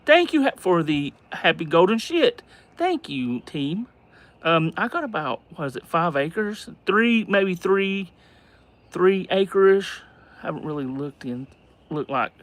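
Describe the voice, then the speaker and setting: A man hosts a casual livestream and chats with his viewers, his voice sitting a little higher than most men's. He rambles and hesitates, with plenty of fillers and restarts, as he answers their comments one by one. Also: a bit bright. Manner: reads out and answers viewer comments, thanks gifters. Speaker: livestream host.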